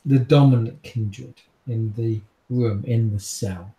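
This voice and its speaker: A man's voice: mid-range voice, takes it slowly, mellow. Echoey man narrating a tabletop game. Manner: dramatic, hesitant narration. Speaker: game master.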